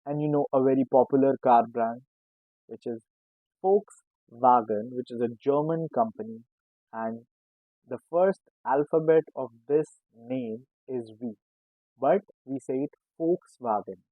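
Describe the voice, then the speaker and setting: A male teacher walks beginners through a lesson at a slow, deliberate pace and says every example word twice. His voice comes through thin and narrow, like a phone line, in a dry, close recording. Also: medium pitch, no room sound. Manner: slow and explanatory, repeating each word. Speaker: German language teacher. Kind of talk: casual spoken lesson. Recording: tinny phone-like sound, dry.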